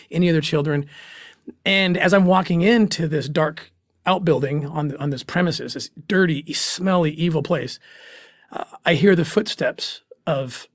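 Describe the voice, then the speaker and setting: A man's voice: a little high, no echo, studio quality. Earnest man telling an emotional story. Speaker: interview guest. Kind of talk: emotional first-person storytelling.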